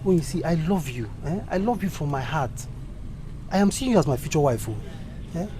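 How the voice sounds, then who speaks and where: A man's voice: a little high, a little fast, natural voice. An actor with a Nigerian accent playing a poor young man who pleads his love and keeps asking "eh?". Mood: pleading. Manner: pleading, insistent, tags lines with "eh?". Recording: echoey room with steady noise.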